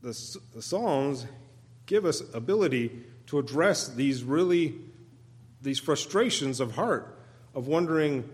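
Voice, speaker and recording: A man preaching a sermon as a guest preacher, in an earnest manner that swells into loud pleading when he voices the psalmists' cries, with occasional restarts. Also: mid-range voice, lively intonation, measured pace, in a large hall. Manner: occasional restarts and repeated words. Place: church sanctuary.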